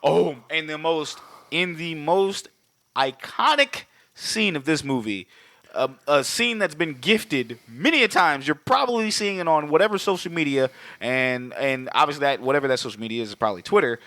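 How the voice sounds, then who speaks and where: A man co-hosting a podcast in casual chat, animated and profane, laughing often. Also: a little high, moderate pace, no room sound. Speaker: podcast co-host.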